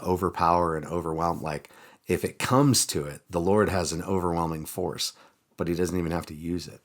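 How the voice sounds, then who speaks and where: A man hosting a daily Bible reading, retelling the stories casually and slipping into lively quoted voices. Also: sits low. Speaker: church Bible reading host.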